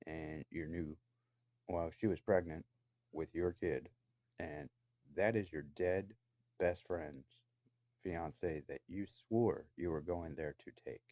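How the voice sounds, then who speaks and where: Deep-voiced man ranting angrily. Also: mellow, no echo. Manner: profane, accusatory, confrontational. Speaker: vlogger. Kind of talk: angry personal rant. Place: his own room downstairs in a house.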